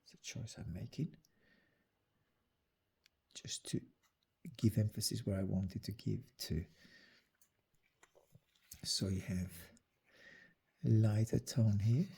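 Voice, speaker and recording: A man's voice: lowish voice, fairly even intonation, slow, vocal fry, long pauses, dark tone, breathy edge. A man narrating his drawing as he works, muttering and half-whispering his steps. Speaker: artist demonstrating drawing.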